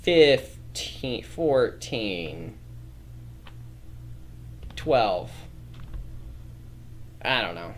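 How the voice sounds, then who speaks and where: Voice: medium pitch, big pitch swings, very slow, long pauses, slight background noise. A streamer thinking aloud while drafting a story, rambling, correcting themselves and often laughing.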